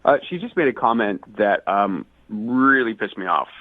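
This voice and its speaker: A man's voice: on the low side, expressive, moderate pace, no room sound. A man calling into a radio show, defensive and dramatic, sounding exasperated as he talks. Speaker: caller. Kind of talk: indignant phone call on a radio show. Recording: tinny phone line.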